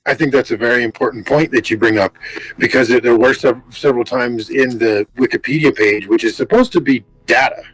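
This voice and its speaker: A man's voice: mid-range voice, a little fast, fairly bright tone, no echo, rough recording. Rambling man podcast co-host, dry sound. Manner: rambling, filler-heavy. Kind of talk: casual chat.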